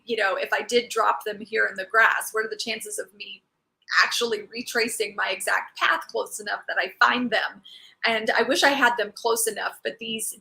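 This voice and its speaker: A woman's voice: on the high side, creaky, bright, forceful tone, rough recording. A woman casually telling a personal story in a rambling way, with many fillers and restarts. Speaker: host sharing a personal story.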